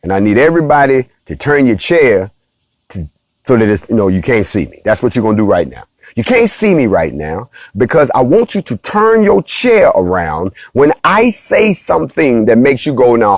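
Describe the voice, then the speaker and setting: A man hosts a casual morning talk, speaking straight to his viewers. His delivery is preachy and playful, in a mid-pitched voice. The sound is close and dry. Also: a little mellow, dry recording. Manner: preachy, playful, addresses the audience directly. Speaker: host.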